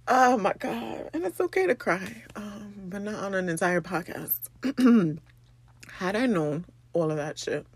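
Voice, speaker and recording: A young woman, from the Bronx, hosting a personal podcast monologue, tearful and halting, with many pauses and ums. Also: mid-range voice, expressive, darkish tone, husky. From the Bronx, New York. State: tearful, crying. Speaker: podcast host.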